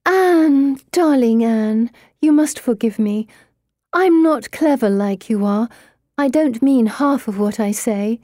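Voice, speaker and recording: Woman doing a spoiled teen girl, high and whiny, all drama, audiobook vibe. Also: slow pace, dark tone, dry recording, clean studio sound. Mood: plaintive.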